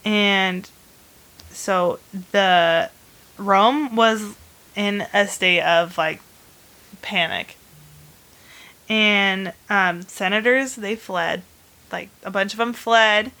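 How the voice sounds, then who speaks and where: Female host, mid pitch, bright and sharp tone, chatty rambling storyteller with a playful streak. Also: very slow, long pauses. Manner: animated retelling of history with bursts of humor. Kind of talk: casual chat.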